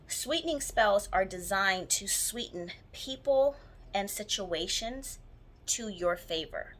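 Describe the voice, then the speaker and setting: A woman's voice: mid-range voice, lively intonation, takes it slowly, a bit bright. A woman giving a casual how-to talk to camera about spells, chatty and rambling, with many ums and restarts. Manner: enthusiastic about her own work. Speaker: spiritual practitioner teaching jar spells.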